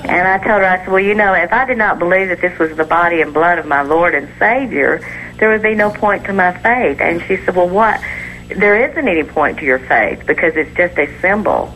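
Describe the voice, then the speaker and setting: A woman's voice: fairly low pitch, animated, brisk, fairly bright tone, slight background noise. A woman in her forties calling in to a talk show, telling her story earnestly over a phone line. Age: 40s. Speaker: caller.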